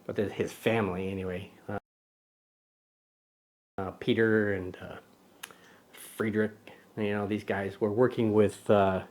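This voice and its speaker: A man hosting a casual camera show, joking around, teasing a little sidekick and rambling with self-corrections. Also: on the low side. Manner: playful, teasing, talks to a little buddy sidekick; loose and rambling, with many ums and self-corrections. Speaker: camera channel host.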